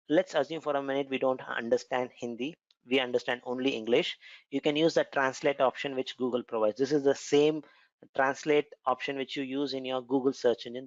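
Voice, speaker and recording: A cloud computing instructor with an Indian accent, speaking at a medium pitch, walks through cloud features in a conversational recorded technical lesson with a demo, using lots of filler words. The recording is muffled and has no room sound.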